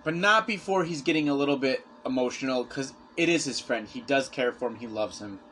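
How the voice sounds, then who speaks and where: A man's voice: medium pitch, fairly quick, a bit bright, a little hiss or hum. A man preaching a conversational sermon, earnestly retelling a scripture story with quoted asides.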